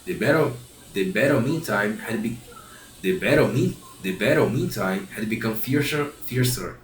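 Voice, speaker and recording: Lower-voiced man reading a storybook aloud. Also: lively intonation, normal speed. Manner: frequent restarts and repeated phrases. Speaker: reader. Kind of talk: reading a children's classic aloud. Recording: roomy echo, faint background hiss.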